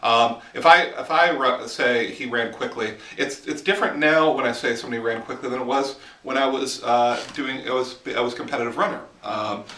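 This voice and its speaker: Bright-voiced man teaching on a woodland walk. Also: medium pitch, a little fast, hardly any pauses, echoey room, distant mic, slight background noise. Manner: talks while walking, informal and explanatory. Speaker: writing teacher. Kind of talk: casual teaching monologue. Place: outdoors in the woods. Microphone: handheld camera mic.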